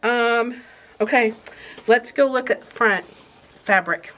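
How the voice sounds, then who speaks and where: A woman's voice: a little high, slow, fairly bright tone. Chatty rambling woman host. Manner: bubbly, rambling, easily sidetracked. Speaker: quilt shop host. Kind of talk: casual chatty product show-and-tell.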